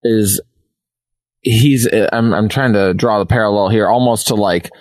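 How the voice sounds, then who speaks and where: A man co-hosting a podcast in casual chat, relaxed and talky with frequent fillers. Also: lowish voice, unhurried. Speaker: podcast co-host.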